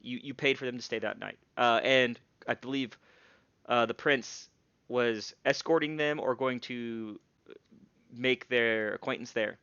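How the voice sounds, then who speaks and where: A man's voice: a little slow, smooth, no room sound, lo-fi sound. A man narrating and voicing characters as game master, talking with hesitations. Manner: animated, hesitant, swings in pitch.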